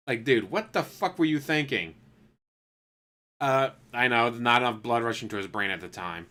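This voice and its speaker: A man's voice: mid-range voice, lively intonation, normal speed, pushed and bright. A man reacting to a video in blunt, incredulous commentary, swearing often and mocking the person he watches. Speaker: commentary streamer. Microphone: desktop USB mic.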